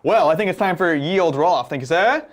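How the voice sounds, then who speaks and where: A quick-talking man with a higher-than-usual voice, joking his way through a tabletop wargame. His pitch swings widely and he laughs often. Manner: animated and jokey, laughs often. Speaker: wargame player. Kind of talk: casual tabletop game chat.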